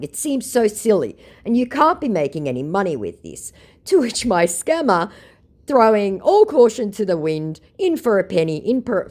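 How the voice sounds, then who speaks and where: A woman hosting a scambaiting channel, reading chat logs aloud with sarcastic, mocking commentary. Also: a little mellow. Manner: sarcastic, mocking, voices the scammers in a higher pitch.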